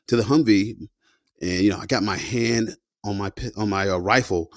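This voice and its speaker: A man's voice: fairly low pitch, moderate pace, dry recording, studio quality. A man, a combat veteran, telling his story in a loose, slangy way, full of "you know" and "man". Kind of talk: casual spoken storytelling.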